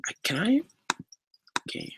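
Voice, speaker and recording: A man's voice: a little slow, background noise. A man, hosting a casual livestream Q&A, reading chat questions aloud in a chatty, apologetic way. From Canada. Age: 20s. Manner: chatty, apologetic, easily laughing. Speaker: livestream host.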